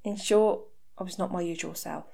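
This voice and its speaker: A woman in her thirties with a warm, lowish voice and some vocal fry talks at normal speed with fairly even intonation. On her home-mic podcast she's candid about her own life, sprinkling in dry sarcasm.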